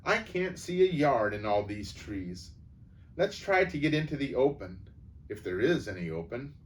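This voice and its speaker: A man's voice: mid-range voice, big pitch swings, moderate pace, natural voice. A man voicing an eldest schoolboy who leads the others in a storybook reading, talking steadily. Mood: steady. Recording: distant mic, faint background noise.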